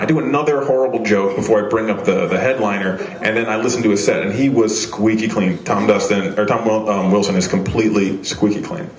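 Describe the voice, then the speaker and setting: A man's voice: on the low side, fast talker, few pauses, roomy sound. A young man doing a live stand-up set on a small club stage, rambling and self-deprecating, with many restarts. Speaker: stand-up comedian. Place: small comedy venue stage.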